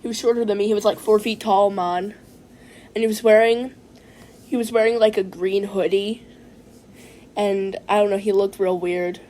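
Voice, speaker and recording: A woman's voice: medium pitch, little pitch movement, moderate pace, long pauses, dark tone, natural voice, poor audio. A woman voicing a laid-back young man with a mullet, telling a rambling comic story and ending nearly every sentence with "man". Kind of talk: comedic in-character story time.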